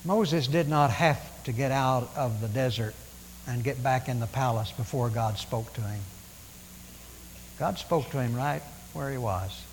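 Preacher in a reverberant hall. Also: male voice, medium pitch, a little hiss or hum. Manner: conversational preaching with stammered restarts and dramatic paraphrase. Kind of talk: sermon.

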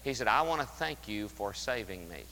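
A man preaching a sermon as pastor, emphatic, rising loud and dropping to a hush. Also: fairly low pitch, animated, normal speed, long reverb tail, slight background noise, poor audio. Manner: emphatic, swings from loud to hushed. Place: church sanctuary.

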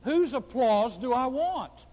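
A man preaching a sermon to a large congregation, animated and playful, acting out prayers in mock voices. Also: extremely high pitch, slow pace, long reverb tail, rough recording. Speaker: pastor. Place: large church.

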